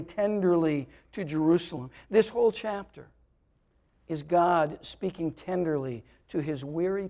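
A man's voice: fairly high pitch, darkish tone. A man preaching a sermon to a church congregation, earnest and pleading, repeating words as he builds to emphatic peaks. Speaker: pastor. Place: church sanctuary, also live streamed.

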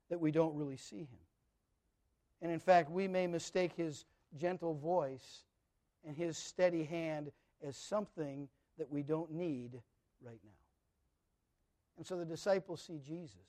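A man preaching a sermon, moving between hushed, drawn-out lines and louder emphatic ones. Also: sits high. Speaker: pastor.

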